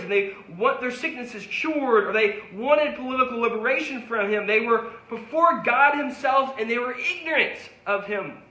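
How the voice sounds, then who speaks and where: A man's voice: high-pitched, bright, forceful tone, reverberant, low-quality recording. A man preaching a sermon as a pastor, conversational and rising to emphatic peaks.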